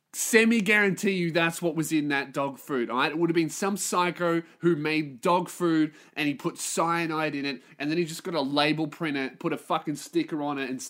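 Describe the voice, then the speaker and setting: A man's voice: a little high, a bit bright. A man hosting a solo podcast, ranting in a sweary, self-mocking way. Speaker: podcast host.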